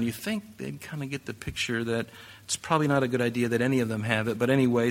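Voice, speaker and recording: A male pastor with a bright, forceful, medium-pitched voice teaches scripture in a relaxed, conversational sermon. He addresses the congregation directly, tossing in rhetorical questions and quick asides.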